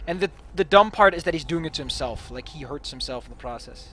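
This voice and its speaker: A man's voice: a little high, animated, fast, fairly bright tone, soft background music. A young man commentating a game, giggling, rambling and swearing casually. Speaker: let's play host. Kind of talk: gameplay commentary.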